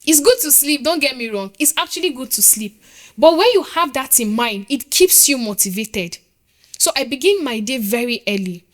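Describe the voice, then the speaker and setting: A woman with a somewhat high voice speaks as a guest on a talk show. She is earnest and emphatic, circling back to repeat her key points. Her delivery has the steady drive of motivational speaking. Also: normal speed. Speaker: guest, nurse.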